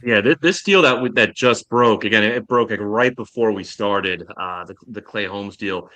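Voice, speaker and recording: Bright-voiced man talking sports. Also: fairly low pitch, normal speed. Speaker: co-host. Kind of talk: casual sports talk.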